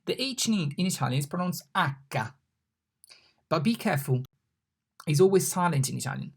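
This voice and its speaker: A teacher giving an online Italian lesson, slowly and patiently sounding out letters and repeating words. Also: medium pitch, expressive, vocal fry, husky.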